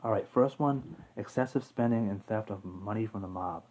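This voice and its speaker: A YouTube true-crime host talks casually to camera in a husky, darkish, lowish voice at normal speed, captured on a rough recording. He rambles unscripted, using fillers, correcting himself and chuckling now and then.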